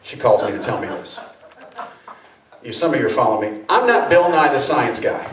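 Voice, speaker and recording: A male comedian doing a stand-up set, telling a story in an animated, conversational way with impressions. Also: medium pitch, a little fast, noisy background. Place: comedy club stage. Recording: roomy club sound from a distance, audience.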